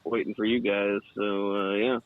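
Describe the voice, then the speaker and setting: A man from Oregon joins a podcast remotely, his low voice coming through a thin, phone-like line. He talks in a laid-back, halting way, full of "uh"s. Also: level tone, no echo. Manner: laid-back, hesitant, many fillers. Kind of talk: casual podcast chat.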